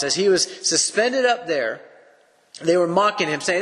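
A man's voice: on the high side, sing-song, moderate pace, a bit bright, in a large hall. A man teaching through a Bible passage on a podcast. He speaks earnestly in a preacherly way and poses rhetorical questions.

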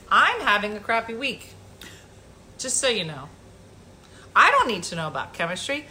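A woman's voice: lowish voice, normal speed, long pauses, a little hiss or hum. A middle-aged woman hosting a live stream, telling comic family stories and acting out her relatives' voices. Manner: animated, acts out family members' voices. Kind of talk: comic family storytelling to viewers.

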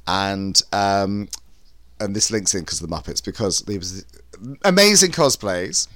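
A man's voice: sits low, lively intonation, a little slow, a bit bright, no echo. A man co-hosting a podcast, telling stories in a chatty, rambling way with many restarts. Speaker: podcast co-host. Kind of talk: casual chat.

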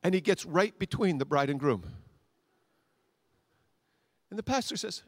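A male pastor preaching a sermon in a church, animated and talking directly with the congregation. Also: high-pitched, unhurried, pauses often, dry recording, clean studio sound.

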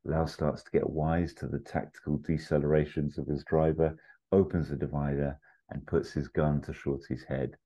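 Very deep-voiced man telling a story. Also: little pitch movement, normal speed, warm tone. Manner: rambling, full of fillers and asides, chuckles at own jokes. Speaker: podcast host pitching a film story. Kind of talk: casual storytelling pitch. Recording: slightly muffled lo-fi audio.

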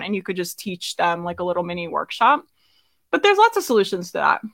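A woman in her thirties coaching a live online group, chatty and quick to laugh, tired and losing her voice. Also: medium pitch, expressive, sharp tone. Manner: chatty, laughs often, many fillers. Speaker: business coach hosting a live session. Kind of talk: casual live-stream coaching.

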